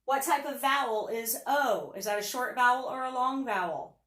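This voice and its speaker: A woman's voice: a little high, moderate pace, a bit bright, echoey room, recorded from a distance. A woman teacher giving a patient phonics lesson, sounding out letters and words for young students.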